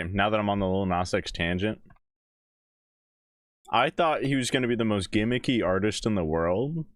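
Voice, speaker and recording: Male reaction streamer, fairly low voice, dry close mic, relaxed rambling chat with chuckles. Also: dry recording. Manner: laid-back, chuckling, rambling asides. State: talking with mouth full. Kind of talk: casual live-stream chat.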